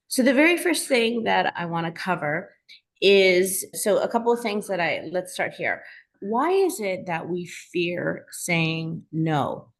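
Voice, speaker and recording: A woman coach teaching a class, her voice sitting a little low for a woman. She speaks earnestly and with emphasis, and she leans on personal stories to drive each point home. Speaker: self-help coach and teacher.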